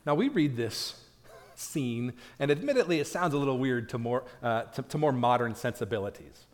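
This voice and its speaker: Male pastor preaching in a reverberant church. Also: normal speed. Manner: animated preaching, acts out quoted pleas with raised pitch and volume. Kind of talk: sermon. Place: church sanctuary.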